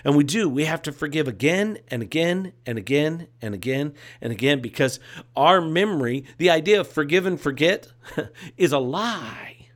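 A man's voice: a little high, lively intonation, a little fast. A man preaching a sermon as a pastor, with a repetitive, emphatic cadence and casual asides.

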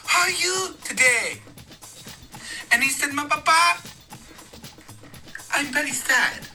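A man's voice: very high-pitched, exaggerated voice. A man playing a solemn male priest delivering a rambling mock sermon, recorded from a distance with faint music behind. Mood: tearful. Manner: slow, rambling, grows tearful and shouting.

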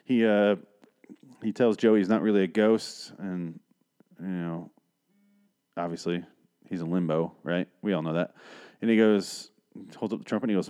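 A man's voice: on the low side, moderate pace, mellow, clear, resonant tone. Profane rambling man recapping an episode. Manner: rambling, profane, sarcastic asides. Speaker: podcast host.

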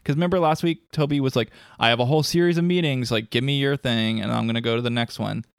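A man's voice: medium pitch, fast talker, creaky, smooth, no echo, studio quality. A man co-hosting a podcast, recapping a TV episode in casual, joking chat. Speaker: podcast co-host.

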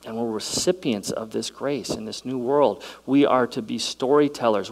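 Man preaching, soft to excited. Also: mid-range voice, normal speed, few pauses, low-quality recording. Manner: dynamic preaching, swings from soft to loud and excited. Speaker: pastor. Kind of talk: sermon.

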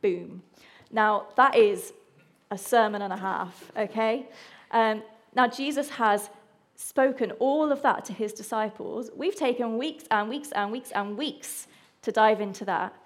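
A woman's voice: on the high side, a little slow. Playful woman preaching. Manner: chatty and playful, jokes with the congregation. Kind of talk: lively sermon with audience activity.

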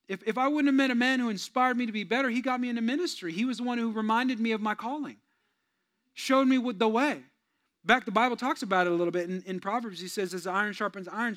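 A male pastor preaching in a high, lively voice. He pushes hard on his main points, then drops to quiet, joking asides to the congregation. His delivery is animated and conversational. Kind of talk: sermon.

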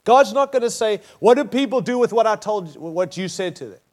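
A man with an Australian accent preaches in a high voice. He is emphatic and drives his points home with short, repeated phrases. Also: expressive, fairly quick, darkish tone. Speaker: pastor. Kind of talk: sermon.

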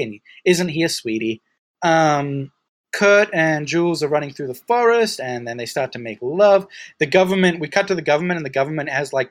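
Guy on a podcast rambling through a movie recap, kinda high voice, lots of ums. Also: no echo. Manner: rambling, with many fillers and restarts. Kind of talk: casual chat recapping a film.

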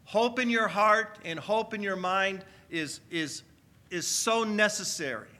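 A man's voice: high voice, unhurried, bright, forceful tone. A man pastor preaching a sermon to his church, energetically calling on the congregation to answer back. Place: church sanctuary.

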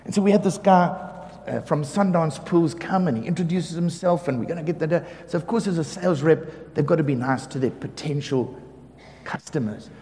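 A man preaching as a pastor, telling lively stories about his neighbours, acting out the quotes and often laughing. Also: a little high, moderate pace. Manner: animated storyteller, acts out quotes, laughs often. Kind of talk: sermon storytelling. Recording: reverberant hall with faint ambience.

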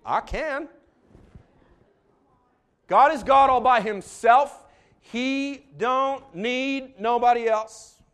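A man imitating a booming Alabama preacher. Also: a bit bright, clean tone, exaggerated voice. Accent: Southern US, Alabama. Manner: booming, rising, drawn-out preaching cadence. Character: fiery male preacher from Alabama.

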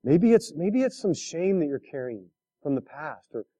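Lively, high-voiced preaching man. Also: normal speed. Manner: animated storytelling with laughs and direct questions. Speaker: pastor. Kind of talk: sermon.

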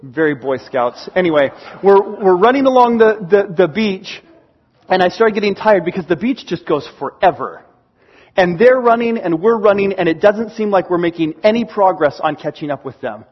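Male preacher, high husky voice, earnest sermon that sinks to a hush at points. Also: lively intonation, normal speed, lo-fi sound. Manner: earnest, encouraging, drops to a hush for emphasis. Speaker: pastor.

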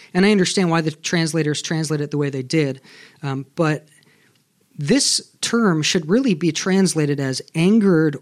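A man preaching a sermon as a pastor, earnest and emphatic, often turning to the congregation with rhetorical questions. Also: on the high side.

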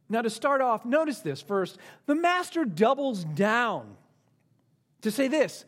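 Very high-voiced male preacher. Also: takes it slowly. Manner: dramatic swings between lively and hushed. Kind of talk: sermon.

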